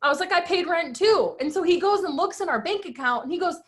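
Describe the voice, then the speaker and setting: A woman's voice: very high voice, rapid-fire. A woman in her thirties, a guest speaker, telling her personal story with emphatic energy and acted-out quotes. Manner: animated, emphatic, acts out quotes.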